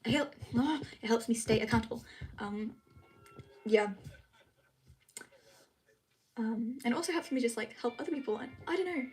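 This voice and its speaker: A woman's voice: a little high, fairly quick, a little mellow, faint music behind, low-quality recording. A British woman chatting casually on a live stream, reading out viewer comments and answering them in a chatty, apologetic way. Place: home, at night.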